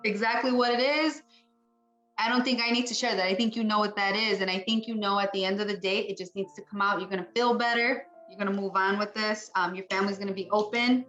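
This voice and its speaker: Chatty bright-voiced woman psychic, echoey. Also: mid-range voice, fairly even intonation, quick pace, highs cut off, faint music behind. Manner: chatty, rambling, acts out spirit voices. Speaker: psychic medium. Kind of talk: mediumship reading. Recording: echoey room.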